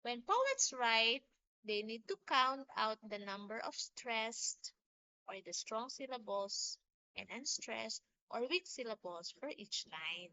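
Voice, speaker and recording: A woman teacher giving a recorded lecture on poetry, explaining slowly and deliberately with small restarts. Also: fairly high pitch, expressive, pushed and bright, muffled recording.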